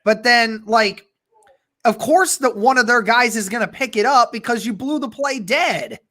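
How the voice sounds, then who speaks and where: Halting fan play-by-play host. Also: mid-range voice, bright, forceful tone. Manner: measured, halting, with restarts. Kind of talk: casual livestream play-by-play commentary.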